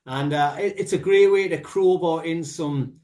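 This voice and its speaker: Rambling man, fairly high voice. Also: normal speed. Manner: rambling, animated explanations with asides. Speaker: podcast co-host. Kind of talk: casual music review chat.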